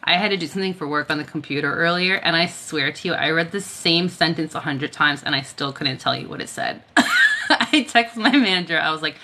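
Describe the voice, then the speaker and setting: A woman's voice: low voice, fast talker, few pauses, sharp tone, slight background noise. A tired woman chatting casually on a live stream, telling stories and laughing often. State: tired, worn out. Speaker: Reiki healer hosting a live stream.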